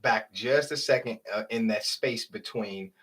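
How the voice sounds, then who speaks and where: A man in his thirties co-hosting a podcast, supportive and quick to laugh in casual chat. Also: lowish voice, fairly bright tone. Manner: supportive, reacts with laughs and short agreements. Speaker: podcast co-host.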